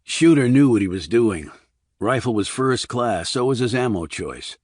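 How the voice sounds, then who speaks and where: A man reading the part of a calm, blunt male army investigator, terse and level. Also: medium pitch, moderate pace, no room sound, studio quality, close to an everyday voice. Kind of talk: audiobook character reading.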